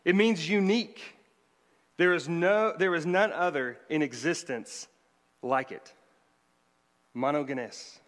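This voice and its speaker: A man's voice: on the high side, slow pace, pauses often, a bit bright. A man, a pastor, delivering a conversational sermon with joking asides to the congregation. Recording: long hall reverb.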